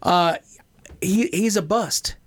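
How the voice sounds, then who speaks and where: A man co-hosts a sports talk show from a radio studio and tells rambling, jokey stories about the team. His voice sits fairly high for a man. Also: slow pace. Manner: joking, rambling storyteller. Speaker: radio co-host. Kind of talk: casual sports radio banter.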